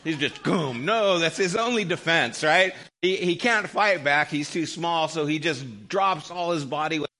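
A man in his fifties delivers a sermon as a pastor, speaking in a relaxed, story-driven way and often asking "right?". His voice sits a little high for a man and sounds bright and forward. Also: measured pace, hardly any pauses. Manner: conversational storytelling, frequent rhetorical "right?".

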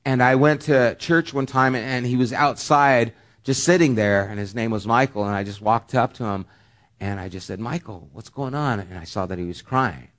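Man, middle-aged, pastor, sermon, earnest, loud emphasis, hushed near-whispers. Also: mid-range voice, normal speed.

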